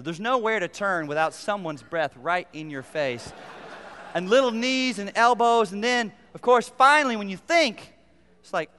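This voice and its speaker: Bright, high-voiced preacher in a hall. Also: male voice. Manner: humorous storytelling, swinging from loud to hushed. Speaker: pastor. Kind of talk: sermon.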